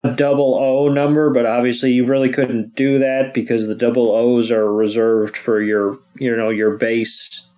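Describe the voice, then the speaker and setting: A man co-hosting a podcast in relaxed casual chat, swearing now and then. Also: medium pitch, moderate pace, few pauses, muffled recording. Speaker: podcast co-host.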